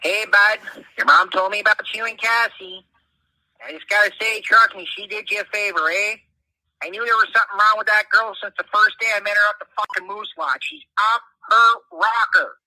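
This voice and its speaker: A man's voice: high voice, steady tone, moderate pace, pushed and bright, no room sound, exaggerated voice, rough recording. A man playing a crude, folksy Canadian uncle leaving a voicemail, with a Canadian accent. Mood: blunt. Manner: crude, folksy, says "eh" and "bud". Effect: phone voicemail.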